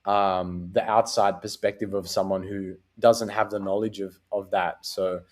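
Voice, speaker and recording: A man's voice: lowish voice, little pitch movement, measured pace. Rambling, easygoing male podcast host. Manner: loose and rambling, heavy on fillers, swears freely. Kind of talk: casual chat.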